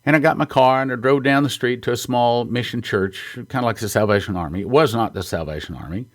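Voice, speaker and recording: A man's voice: mid-range voice, quick pace. Earnest American man giving a testimony. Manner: earnest, storytelling, sometimes chokes up. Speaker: ministry founder and speaker. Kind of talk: emotional testimony sermon.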